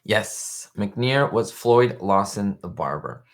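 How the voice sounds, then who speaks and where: A young man talks casually on a live stream, rambling from one thought to the next and stopping to answer viewer comments. His voice sits a bit low and relaxed. He sounds like he is speaking into a webcam setup. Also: slow pace. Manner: chatty, rambling, reads viewer chat aloud. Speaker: show host.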